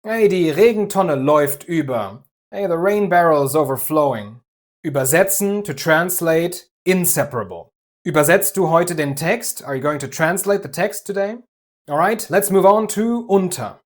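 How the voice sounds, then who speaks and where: Male language teacher with a German accent, methodical and clear, dry light humor. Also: a little high, expressive, moderate pace. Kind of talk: scripted explanatory lesson.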